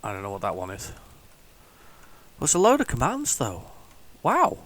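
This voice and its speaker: A man rambles through casual gameplay commentary, thinking aloud and restarting his sentences. His pitch swings a lot, with excitable bursts. A faint hiss sits under his voice. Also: moderate pace. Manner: excitable bursts over the game. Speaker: retro gaming channel host.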